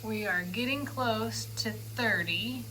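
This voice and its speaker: A woman's voice: a little high, slow, very noisy. A woman vlogging casually on her farm, chatty and self-deprecating, talking the camera through her well problems and cooing to her animals. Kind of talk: casual vlog narration. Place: outdoors on a farm.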